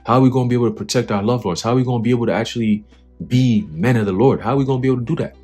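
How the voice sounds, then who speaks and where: A man's voice: mid-range voice, very fast, dark tone, faint music behind. A man giving a fiery, profane religious commentary, reading from an article and mocking it with scornful laughs. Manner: profane, scornful, preachy, laughs at his own jabs.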